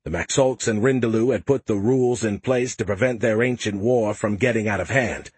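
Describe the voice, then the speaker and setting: A man narrating a first-person audiobook in a steady, wry, matter-of-fact way. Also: lowish voice, a little fast, slightly rough, no echo.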